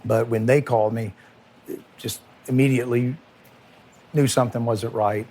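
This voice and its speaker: A middle-aged man with a Kentucky accent, a former police chief recalling a night in a halting, emotional interview, with many restarts and trailing pauses. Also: medium pitch, fairly even intonation, mellow, a little hiss or hum. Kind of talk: recorded interview recollection.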